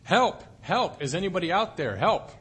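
A frightened man hangs from a branch and yells desperately for help, his voice shooting up high and loud, as a preacher acts him out in a sermon joke. The cries are lively and uneven. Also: normal speed, husky, heavily acted. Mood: panicked. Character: panicked man clinging to a cliff branch.

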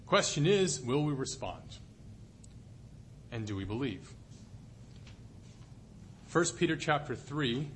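Lively, conversational male preacher. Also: medium pitch, slow, long pauses, slight background noise. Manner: conversational, asks the audience questions. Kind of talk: sermon.

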